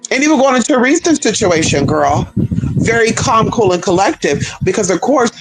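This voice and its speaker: Sassy, expressive man telling stories. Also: moderate pace, soft background music, low-quality recording. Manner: flamboyant, sassy, very expressive, swings into high voices for quoted people. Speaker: spiritual practitioner and vlogger. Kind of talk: casual storytelling monologue.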